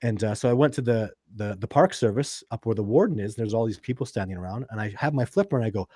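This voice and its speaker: A man's voice: mid-range voice, lively intonation, very fast, hardly any pauses, darkish tone, no echo, clean studio sound. A man hosting a live stream, answering viewers' questions and telling stories in a rambling way, with many restarts and fillers. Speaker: host of a live video chat about Sasquatch research.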